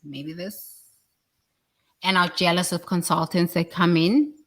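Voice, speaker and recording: Brief: woman, motivational speaker, blunt and preachy, swears, slightly low voice. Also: steady tone, unhurried. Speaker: leadership speaker. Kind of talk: motivational talk.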